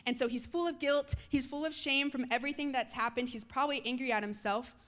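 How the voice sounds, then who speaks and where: A young woman preaching a sermon to students, moving between loud calls and soft, hushed lines. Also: high-pitched, fast talker, soft background music. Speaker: youth speaker.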